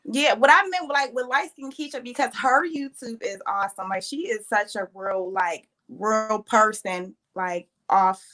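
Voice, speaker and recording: A woman's voice: fairly high pitch, a little slow, few pauses, a bit bright. Chatty woman caller. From Pittsburgh, Pennsylvania. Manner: chatty, hesitant, trailing off. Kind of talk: casual phone-in chat.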